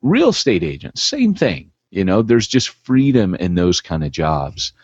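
A man with a low, deep voice co-hosts a casual podcast and speaks bluntly and with emphasis. The sound is dry and close, with dull, lo-fi audio. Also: wildly swooping pitch, a little slow, slightly rough, dry recording. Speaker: podcast co-host.

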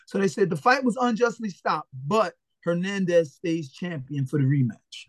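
A man's voice: sits high, normal speed, hardly any pauses, no room sound. A man from Philadelphia, a retired boxer, talks casually as an interview guest, recounting stories bluntly with profanity and acting out the voices of people he quotes. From Philadelphia, USA. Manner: animated, blunt and profane, acts out quoted dialogue.

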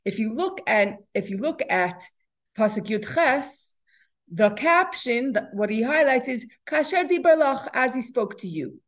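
A woman's voice: fairly high pitch, animated, measured pace. Woman teaching a Torah lesson. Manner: explanatory, asks and answers her own questions; frequent restarts and repeated words.

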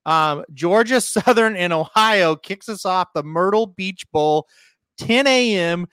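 A man's voice: high-pitched, takes it slowly, a bit bright, clear, resonant tone, no echo. A man hosting a sports betting podcast, running through game picks in a breezy, casual way and asking his co-host for his take. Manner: breezy, leads the picks and asks for co-host's take.

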